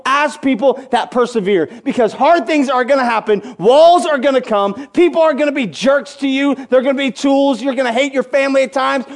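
A man delivers a sermon in a notably high voice. He rises to impassioned, near-shouted urging and drops into low, joking asides, acting out the voices he quotes. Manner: acts out quoted voices and jokes. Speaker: preacher; school coach.

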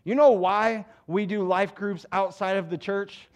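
A male pastor preaching a sermon in an animated, joking way, swinging from low asides to loud exhortation. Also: unhurried, muffled recording.

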